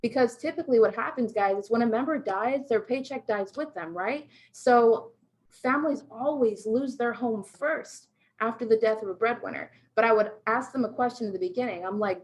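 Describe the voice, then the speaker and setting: A woman's voice: fairly high pitch, normal speed. A woman from the United States coaching salespeople on a video call, emphatic and peppered with "right?". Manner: emphatic, keeps asking "right?". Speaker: sales trainer.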